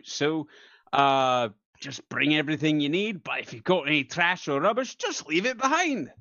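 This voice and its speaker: A man's voice: on the high side, fairly bright tone, dry recording, highs cut off. A man playing a tabletop game, joking in a hesitant way with lots of fillers. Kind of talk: casual in-character chat.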